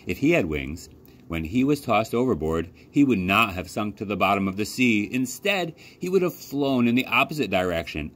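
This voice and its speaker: Deep-voiced man reading a storybook aloud. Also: normal speed. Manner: expressive storytelling with lively pitch. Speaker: library youth services coordinator. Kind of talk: children's book read-aloud.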